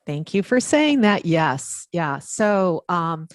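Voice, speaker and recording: Lady author on an interview, lowish voice, super animated storytelling, dry close sound. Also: slow, no echo. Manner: animated, enthusiastic storyteller acting out dialogue. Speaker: author and letter writer, guest.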